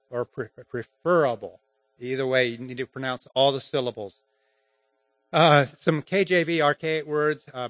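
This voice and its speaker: A man teaching grammar and public speaking in an informal lesson, halting and restarting often, with chuckles between points. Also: on the high side, a bit bright, dry recording.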